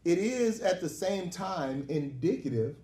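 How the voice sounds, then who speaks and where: Preaching to a live congregation in a hall that echoes, this minister speaks in a high, dark-toned voice, animated but unhurried. His sermon is lecture-like, with jokes on the side and call-and-response moments.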